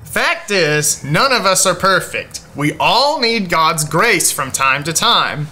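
A man voicing a calm, level-headed male puppet friend in a comedic church skit, gently teasing and reasonable. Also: sits high, slow, heavily acted. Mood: patient.

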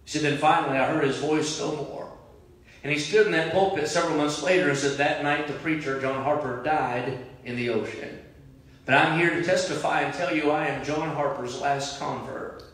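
Pastor guy preaching hard, highish voice, recorded far off in a really echoey sanctuary. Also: fairly even intonation, moderate pace. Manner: preaching, rising to loud impassioned cries. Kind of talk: sermon. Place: large church sanctuary. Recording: very echoey church from a distant mic.

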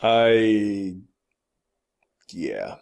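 A man's voice: lowish voice, very animated, very slow, creaky, darkish tone. A man co-hosting a podcast, chatting casually about games and movies with blunt, opinionated remarks and casual swearing. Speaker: podcast co-host.

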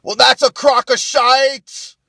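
A man voicing an angry Irish brawler who heckles from a crowd with loud, drawn-out jeers. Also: very high voice, level tone, vocal fry, no echo, clean studio sound, voice pushed up, heavily acted. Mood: scoffing.

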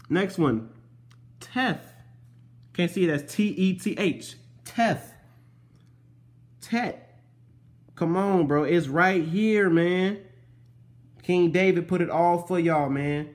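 A young man in a casual show-and-tell vlog, explaining letters from his notes, spelling them out slowly and calling the listener bro. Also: a little high. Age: young adult. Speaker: vlogger teaching Hebrew letters.

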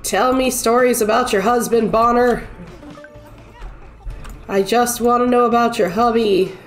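A woman with a slightly high, fairly even voice speaks a little slowly while streaming a cozy game with a cold. She rambles casually about the gameplay and coos at the cats on screen, with faint game music behind her.

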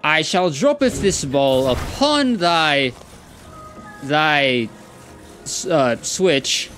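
A man's voice: fairly high pitch, expressive, extremely slow, a bit bright, faint music behind, exaggerated voice. A man putting on the voice of a pompous, mock-medieval male adventurer, talking in an archaic, theatrical way while playing a video game. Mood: grandiose.

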